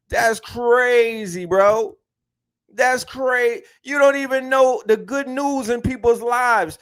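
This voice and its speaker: A man's voice: very high voice, takes it slowly, a bit bright, smooth. A man hosting an online talk, speaking emphatically with slang and lots of repetition. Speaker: host. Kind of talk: animated lecture-style talk.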